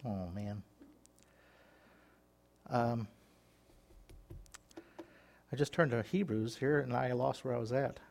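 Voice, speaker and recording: A man's voice: mid-range voice, takes it slowly, creaky, long pauses, a little mellow. A man preaching a sermon as pastor, folksy and joking, reading scripture aloud between his comments. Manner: folksy and joking, laughs at his own asides.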